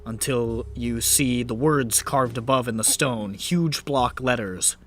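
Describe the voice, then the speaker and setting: A man's voice: mid-range voice, slow pace, a bit bright, a little hiss or hum. A man narrating a tabletop game as game master, vivid and descriptive with laughing asides.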